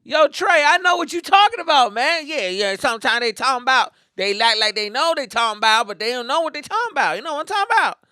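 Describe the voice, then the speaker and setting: A man imitating a swaggering young male friend who talks in fast, repetitive street slang. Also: extremely high pitch, lively intonation, bright, forceful tone, smooth, no room sound, clean studio sound, voice pushed up, full character voice. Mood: boastful.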